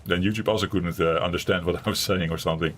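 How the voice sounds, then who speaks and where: A deep-voiced Dutch streamer from the Netherlands talks fast with fairly even intonation while gaming. His commentary is casual and rambling, turning to his chat between tasks. The audio has a slight hiss or hum.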